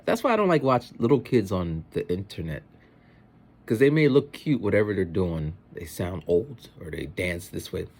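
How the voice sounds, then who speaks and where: Guy rambling on in his vlog, husky lowish voice, swoops around a lot. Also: normal speed. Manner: rambling, animated storytelling. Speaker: teacher. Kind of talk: casual vlog monologue.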